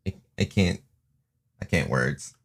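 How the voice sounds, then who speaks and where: A man's voice: sits low, lively intonation, slow pace, creaky. A man streaming live while recording a song, chatting casually in a rambling, self-deprecating way that often trails off mid-sentence.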